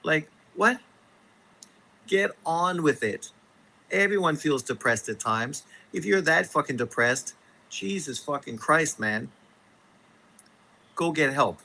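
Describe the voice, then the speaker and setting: A man's voice: a little high, expressive, slow pace, creaky, pauses often, sharp tone, rough recording. A man hosting a boxing live stream, ranting casually with heavy profanity and exasperation. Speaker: boxing show host.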